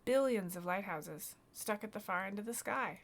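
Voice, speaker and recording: A soft-spoken, dreamy young girl with a wistful way of talking, read aloud by a woman. Her lines come out gentle and unhurried. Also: mid-range voice, animated, lightly acted.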